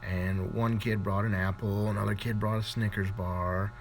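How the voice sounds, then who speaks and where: A man's voice: on the low side, little pitch movement, normal speed, soft background music. Man casually telling dirty jokes. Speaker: joke teller.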